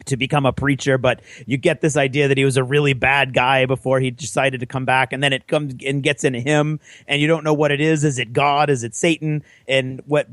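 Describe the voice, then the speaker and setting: A man's voice: mid-range voice, fairly bright tone, dry recording. A man co-hosting a podcast, telling a long story in casual chat with rambling enthusiasm. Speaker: podcast co-host.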